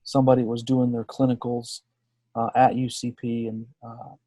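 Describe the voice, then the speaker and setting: A man in his thirties, a podcast guest telling a personal story with lively energy and slipping into the voices of the people he quotes. His voice is mellow and warm, recorded close and dry with no room sound. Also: medium pitch, moderate pace, no room sound. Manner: lively storyteller who acts out quoted dialogue.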